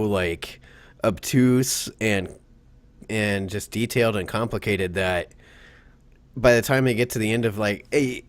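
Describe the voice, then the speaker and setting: Rambling low-voiced man on a podcast. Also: dry recording. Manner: rambling, animated when quoting himself, laughs often. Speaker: podcast host. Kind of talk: casual gaming podcast chat.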